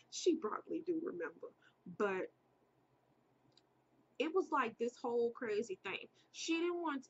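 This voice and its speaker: A woman's voice: mid-range voice, muffled recording, slight background noise. A woman casually telling a personal story to viewers, chatty, repeating herself and speaking straight to her audience.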